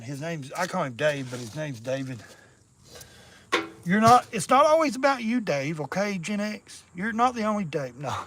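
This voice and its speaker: A man's voice: fairly high pitch, a bit bright. A man with a slight lisp on his s sounds, talking casually while he works on a motorcycle, joking, swearing freely and chatting with viewers. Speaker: motorcycle vlogger. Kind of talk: casual chat while wrenching.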